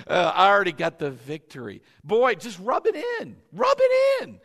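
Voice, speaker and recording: Animated high-voiced male pastor preaching. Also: fairly quick, few pauses. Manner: animated, laughing, calls for amens. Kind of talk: lively sermon. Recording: church hall reverb.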